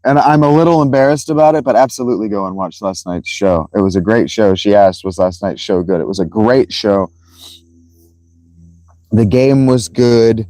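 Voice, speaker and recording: A man chatting on his own livestream, rambling and swearing as he retells a story with lots of energy. His voice is mellow and relaxed. The sound is dry and close, with no room echo. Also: fairly low pitch, normal speed. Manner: rambling, profane, animated storytelling. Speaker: livestream host. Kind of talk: casual livestream chat.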